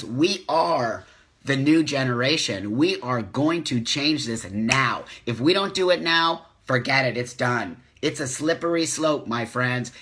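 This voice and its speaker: On a phone or webcam live stream, a man in his fifties gives a fervent motivational talk in a mid-range, expressive, fairly bright voice that moves a little slowly. He preaches, says lines again for emphasis, and occasionally curses.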